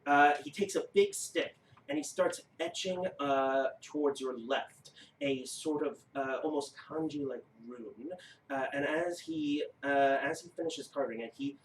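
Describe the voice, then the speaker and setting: A man narrating as game master of a tabletop game, unhurried and halting. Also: fairly high pitch. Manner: unhurried, with frequent uh fillers. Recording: roomy, distant mic with faint noise.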